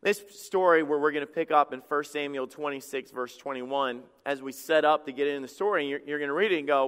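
Male pastor, high pitched, animated sermon delivery with stumbling restarts, big echoing sanctuary. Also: fairly quick, hardly any pauses, clear, resonant tone. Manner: animated preaching with acted quotes and repeated stammered restarts.

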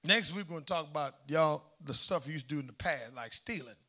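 A man with a high, bright voice preaches a sermon in a church. He pushes his lines out hard, then drops to hushed asides, and calls on the crowd to answer him. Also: expressive, fast. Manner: emphatic call-and-response preaching, swinging from shouts to hushed asides.

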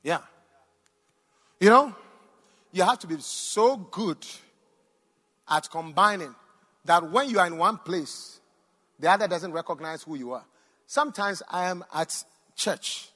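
Husky high-voiced pastor preaching. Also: male voice. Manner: animated preaching, swings between loud exclamations and quiet asides. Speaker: pastor and doctor. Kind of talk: sermon with personal stories. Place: church hall. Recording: long reverb in a large hall.

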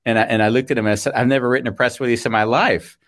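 A man's voice: mid-range voice, steady tone, very fast, a bit bright. Enthusiastic man co-hosting a chat. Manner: enthusiastic, relates guest's story to his own. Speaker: co-host. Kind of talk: casual chat.

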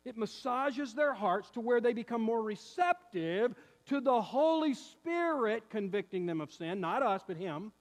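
A pastor in his fifties preaches to his church, telling a story with lively acted-out quotes. His man's voice sits notably high. The sound carries the long reverb of a church sanctuary. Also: a little slow, few pauses. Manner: animated storytelling, acts out quotes. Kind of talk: sermon with personal story.

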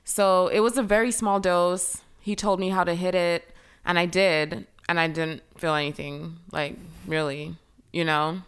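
A young woman telling a personal story as a guest in a casual chat, full of fillers and lively retelling. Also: fairly low pitch, unhurried, smooth. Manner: chatty, filler-heavy, animated retelling.

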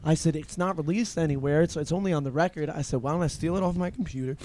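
Male podcast host, profane, laughing storyteller; slightly raised pitch, light background noise. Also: quick pace, darkish tone. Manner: profane, laughing storyteller who acts out quotes. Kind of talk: casual chat.

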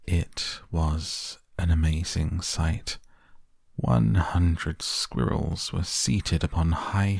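Male audiobook narrator: slow, deep, gravelly; dry close recording. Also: no room sound. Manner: measured, expressive reading.

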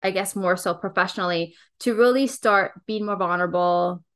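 A woman's voice: lowish voice, moderate pace, fairly bright tone. A woman hosting her podcast, enthusiastic and chatty as she introduces and questions her guest. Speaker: podcast host. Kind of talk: casual podcast interview.

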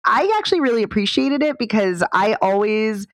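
A woman co-hosting a casual film discussion podcast, enthusiastic and quick to laugh. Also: medium pitch, animated, dry recording. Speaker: podcast co-host.

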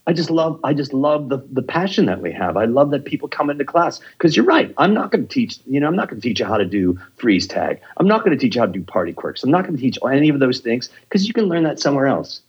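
A man's voice: medium pitch, sing-song, fast, hardly any pauses, husky, dull audio. A man who teaches improv, telling stories in a casual interview, passionate and full of swearing. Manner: profane, passionate storytelling.

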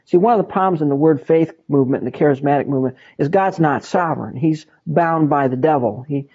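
A man's voice: a little high, lively intonation, fast talker, few pauses, breathy edge. A man teaching a Bible study in an emphatic way, repeating words for stress. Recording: dull lo-fi recording.

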